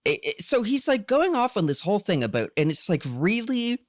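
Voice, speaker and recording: A podcast co-host recapping a TV episode in casual chat, animated, swearing freely and laughing often. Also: medium pitch, a little fast, no room sound, studio quality.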